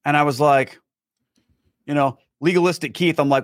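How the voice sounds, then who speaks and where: A man telling a personal story as a podcast guest, animated, acting out the dialogue. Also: on the high side, moderate pace, dry recording, studio quality. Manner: many fillers and restarts.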